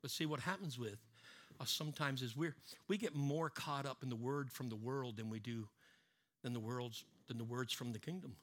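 A man preaching a sermon, swinging from loud emphatic lines down to low, hushed ones. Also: moderate pace. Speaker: pastor.

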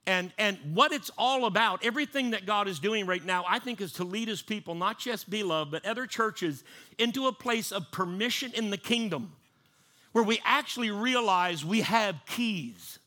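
At a normal speed, this man delivers a sermon in a chatty, conversational style, his high voice carrying a sharp tone. He frequently restarts and repeats himself, and he imitates panicked voices.

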